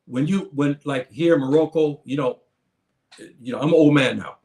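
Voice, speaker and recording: Man in his seventies, teacher's lecture, emphatic, repetitive, somewhat high voice. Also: normal speed, a little mellow. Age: 70s. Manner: emphatic, repetitive, addresses listeners as brothers and sisters. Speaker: teacher of a class. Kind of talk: lecture to a community. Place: Morocco.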